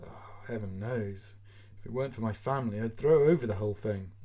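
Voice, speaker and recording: A man's voice: lowish voice, brisk, warm tone, natural voice. A man voicing a weary, self-pitying male writer who complains and whines, in a storybook reading. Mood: complaining. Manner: whining, complaining.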